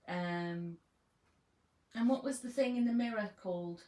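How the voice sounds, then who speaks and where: A woman's voice: medium pitch, measured pace, mellow, roomy sound. An English woman hosting a livestream, chatting casually and rambling with frequent giggles. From England. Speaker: livestream host. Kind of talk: casual chat.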